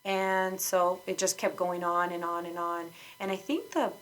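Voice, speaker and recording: A woman's voice: fairly low pitch, level tone, measured pace, low-quality recording. A woman guest on a podcast, candidly telling her own story in conversation, outspoken and frank, with lots of fillers and restarts.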